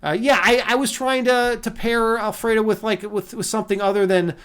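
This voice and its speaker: A man's voice: high-pitched, fairly even intonation, brisk, fairly bright tone, clear, resonant tone. A man streaming casually and talking with his chat in a loose, profane, rambling way. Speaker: livestreamer and meditation teacher. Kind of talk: casual livestream chat reading viewer comments.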